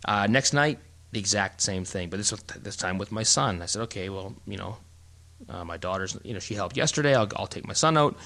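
Rambling, animated man telling a story. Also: lowish voice, brisk. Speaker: podcast co-host. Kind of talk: casual chat.

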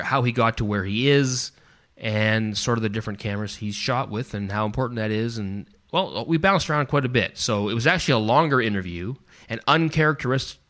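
A Canadian man with a slightly low voice hosts a podcast in loose, casual chat. He rambles and restarts his sentences often. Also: a bit bright. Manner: rambling, with many restarts and fillers. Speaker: podcast host.

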